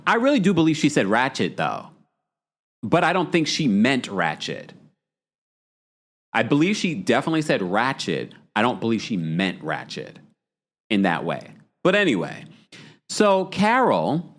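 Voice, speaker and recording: A man's voice: mid-range voice, moderate pace. Casual guy doing a live recap, sassy asides, voice jumps all over the place. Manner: chatty, animated, reads viewer comments aloud with sassy asides. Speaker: podcast host recapping a reality show. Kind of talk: casual live-stream commentary.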